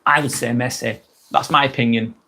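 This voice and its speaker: A man's voice: mid-range voice, steady tone, brisk, pushed and bright. A middle-aged man with a Lancashire accent hosting a casual live stream, chatting in a friendly way that repeats itself and trails off while reading out viewer comments. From England.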